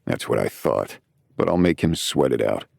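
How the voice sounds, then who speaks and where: A man narrates a first-person romance audiobook in a low-key, wry way. His voice is very deep with a gravelly rasp. It sounds close to the mic in a dry, dead studio. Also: big pitch swings, moderate pace, darkish tone, no room sound.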